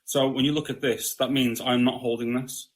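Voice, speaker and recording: A man's voice: mid-range voice, level tone, normal speed. Blunt, swearing man. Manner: blunt, swears freely, repeats "you know what I mean". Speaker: podcast guest. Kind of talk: casual spiritual conversation.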